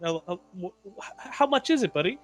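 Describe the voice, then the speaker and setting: A man playing in a tabletop game, eager, with quick reactions. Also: high voice, expressive, soft background music. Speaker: player. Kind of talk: casual tabletop play.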